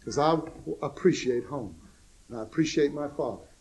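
A man preaching a sermon, swinging between soft low asides and loud emphatic exclamations, with folksy humor and chuckles at his own jokes. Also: animated, normal speed, low-quality recording.

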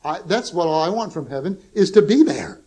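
A man preaching a sermon, swinging between soft low asides and loud emphatic exclamations, with folksy humor and chuckles at his own jokes. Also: animated, brisk, low-quality recording.

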